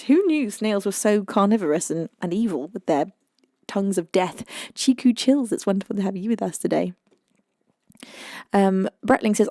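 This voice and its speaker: A woman's voice: mid-range voice, normal speed, gravelly, dark tone, dry recording, studio quality. A British woman hosting a music live stream, chatting casually and reading viewer comments, giggly and playful.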